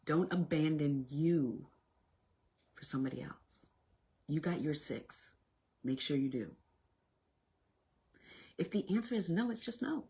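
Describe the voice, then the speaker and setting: Leading a self-help workshop, this woman delivers a laid-back pep talk with a deep, breathy-edged voice. Her pace is a little slow with long pauses, and she's animated, moving between loud outbursts and near-whispers.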